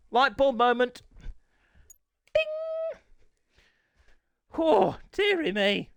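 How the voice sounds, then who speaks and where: A man commentating a sim motorbike race live, excitable, jokey and self-mocking, his voice a little hoarse. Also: very high-pitched, drawn-out words, dry recording, studio quality. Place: small home room called a commentary box.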